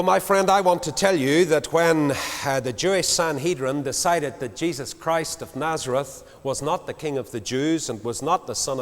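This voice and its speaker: A man preaching a sermon to a large congregation, swinging from loud declarations to quiet low asides. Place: large church. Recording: long hall reverb.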